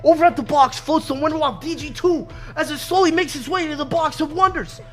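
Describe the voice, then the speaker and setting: Brief: young male narrator, high and bright, comic read-aloud, faint music under. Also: fairly quick. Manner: joking asides, swearing.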